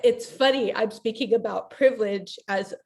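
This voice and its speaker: A woman co-hosting a webinar who is tearful and crying as she gives halting closing remarks over a video call, with many restarts. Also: on the high side, vocal fry, darkish tone. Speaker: co-host of a webinar series.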